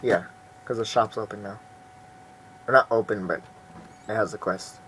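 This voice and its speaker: A man's voice: on the low side, moderate pace, fairly bright tone, slight background noise. A man casually playing through a game and reading it aloud, with mumbled asides. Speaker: gaming video host. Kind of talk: let's play commentary.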